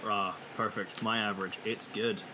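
A man's voice: fairly low pitch, fairly even intonation, normal speed, bright, forceful tone, a little hiss or hum, poor audio. A man chatting casually as a player at a tabletop game, dry and easygoing.

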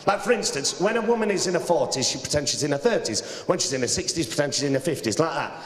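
A man's voice: fairly high pitch, animated, fast. A Yorkshire man doing cheeky, chatty stand-up banter with a hotel cabaret audience. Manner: cheeky, chatty crowd work. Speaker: cabaret comedian and singer. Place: hotel cabaret room on stage. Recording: roomy hall reverb.

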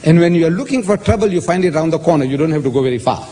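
High-pitched man lecturing in an echoey hall. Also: rapid-fire. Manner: animated, lecturing, acts out quoted speech. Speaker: debater. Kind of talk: public religious debate speech. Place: debate hall. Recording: echoey hall, faint background noise.

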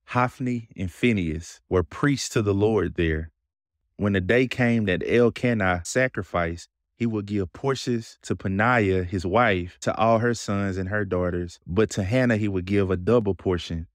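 A man's voice: fairly low pitch, no room sound, studio quality. A man with a Southern accent hosting a Bible podcast, explaining scripture in a conversational way and asking his listeners questions. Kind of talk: casual Bible teaching.

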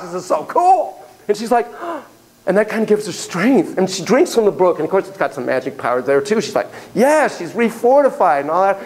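A man's voice: high voice, rough recording. A man lecturing a class on psychotherapy, telling a story theatrically with gasps, laughs and sudden drops to a whisper.

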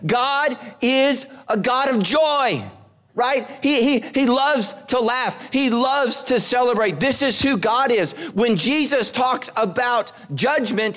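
A man preaching a lighthearted sermon in a notably high voice. He is a pastor who reads scripture aloud, then stops to crack jokes and offer playful asides to the congregation. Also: a little slow, a bit bright. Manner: joking asides while reading scripture. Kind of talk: humorous sermon. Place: church service before a live congregation.

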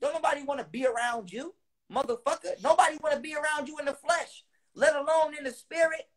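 Speaking fairly quickly, an online speaker vents at his viewers with heat and plenty of swearing. Repeated lines hammer his points home, and loud bursts punctuate lower, quieter moments.

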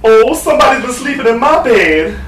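A woman's voice: animated, brisk, a little hiss or hum, natural voice. A man voicing a prim, flustered mother bear who fusses and exclaims in a raised voice. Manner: high, fussing, exclaiming. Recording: echoey room, distant mic.

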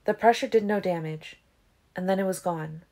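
A woman reading a novel aloud in a calm, even narration. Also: lowish voice, moderate pace. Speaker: audiobook reader.

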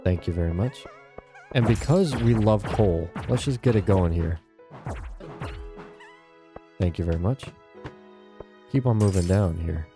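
A man's voice: low voice, measured pace, pauses often, dark tone, faint music behind. A young man talking casually to his viewers while playing a farming game at home. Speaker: gaming channel host. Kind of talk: casual gameplay commentary. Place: home, indoors.

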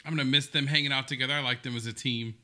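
A man hosting a reaction video, chatting casually and breaking into animated exclamations. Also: mid-range voice, racing.

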